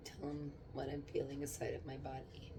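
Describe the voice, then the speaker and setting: A woman speaking in a halting, emotional monologue as she channels spirits, moving between soft murmurs and sudden exclamations. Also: a bass voice, completely flat delivery, creaky, noisy background.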